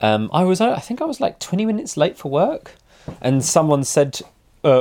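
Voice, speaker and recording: A man's voice: on the high side, big pitch swings, moderate pace, darkish tone. A man, a motorcycle vlogger, telling a story in a casual, rambling and wry way, often correcting himself.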